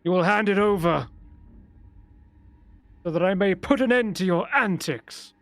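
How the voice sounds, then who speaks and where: A man's voice: high-pitched, measured pace, fairly bright tone, no room sound, voice pushed up. A man voicing a cold, imperious old male wizard in a tabletop game. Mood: commanding. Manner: haughty, scornful.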